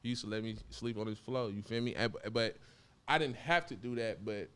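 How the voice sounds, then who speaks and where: Smooth-voiced Bay rapper, slangy and laughing. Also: male voice, lowish voice, fairly quick, a bit bright. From Oakland, California. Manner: slangy, laughs often, restarts sentences. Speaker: guest rapper. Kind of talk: casual interview chat. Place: podcast studio.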